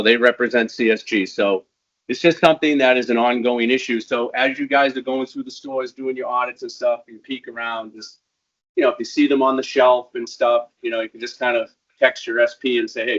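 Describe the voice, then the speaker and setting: A man talks staff through a piece of equipment in a loose, rambling way, dropping plenty of ums as he goes. His voice sits at an ordinary middle pitch. The audio is dull and lo-fi. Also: fairly bright tone. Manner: casual, rambling, frequent ums. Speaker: equipment trainer. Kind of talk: hands-on equipment training.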